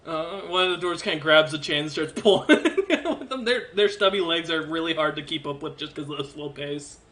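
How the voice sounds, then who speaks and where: A man narrates a tabletop game in a loose, halting way, full of ums and restarts. His voice is bright and slightly high. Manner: casual, halting, many fillers. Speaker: game master.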